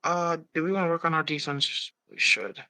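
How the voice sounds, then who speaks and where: Chill guy narrating his game, smooth and bright, dry mic. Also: fairly high pitch, normal speed, no room sound, poor audio. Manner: calm, matter-of-fact, narrating his moves. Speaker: streamer. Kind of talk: casual gaming chat.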